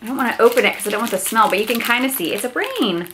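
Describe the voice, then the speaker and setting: A young woman unboxes a pile of gifts for her vlog, her high, bright voice leaping up into squeals of delight. She talks at an unhurried pace between gushing exclamations, with a faint hiss of noise in the background. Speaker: vlogger.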